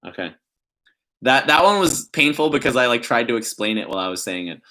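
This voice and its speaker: A man's voice: mid-range voice, expressive, brisk, pushed and bright. Giggly young man chatting playfully. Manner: playful, giggly, reads puns in a put-on emphatic voice. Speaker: vlogger. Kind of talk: casual vlog chat.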